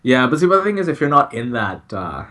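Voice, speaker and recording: A young man in his twenties co-hosting a podcast, easygoing and quick to laugh in casual chat. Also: medium pitch, big pitch swings, sharp tone. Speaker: podcast co-host.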